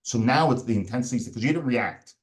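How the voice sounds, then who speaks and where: A man's voice: mid-range voice, lively intonation, brisk, noisy background. A man, a performance coach, explaining a method step by step in a podcast interview and briefly acting out the voices of people in the story. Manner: explains step by step, acts out angry inner voices.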